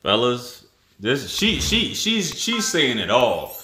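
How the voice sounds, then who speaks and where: A man's voice: medium pitch, wildly swooping pitch, slow pace, pushed and bright, slight background noise. A man hosting a casual reaction commentary, blunt and talking directly to his male viewers. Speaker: commentator and host. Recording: roomy echo.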